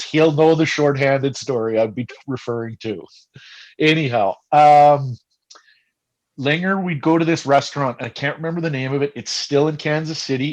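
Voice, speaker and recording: A middle-aged man, a former pro hockey player, casually telling animated, profane stories and often restarting his sentences. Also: medium pitch, poor audio. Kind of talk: casual storytelling.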